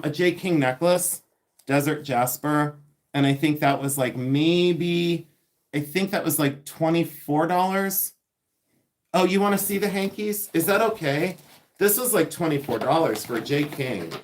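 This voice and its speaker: A man's voice: mid-range voice, a little hiss or hum. Chatty man hosting a vintage livestream. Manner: chatty, distracted, reads viewer comments aloud. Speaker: livestream host selling vintage finds. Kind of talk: casual livestream chat.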